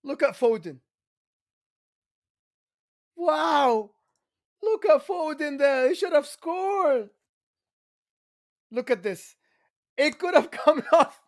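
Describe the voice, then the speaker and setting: A man hosting a football watch-along, giving live commentary and yelling with excitement at the big moments. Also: extremely high pitch, takes it slowly, long pauses.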